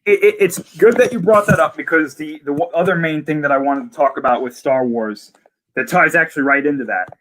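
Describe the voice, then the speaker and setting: A man's voice: a little high, fairly quick, fairly bright tone. A man in casual conversation, eagerly retelling scenes from a series in detail. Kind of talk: casual chat.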